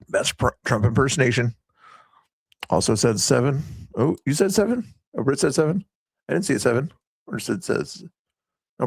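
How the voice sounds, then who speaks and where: Livestream host, rambling casual chatter, dry close mic. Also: male voice, mid-range voice, dry recording. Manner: rambling, chatty, reads chat aloud.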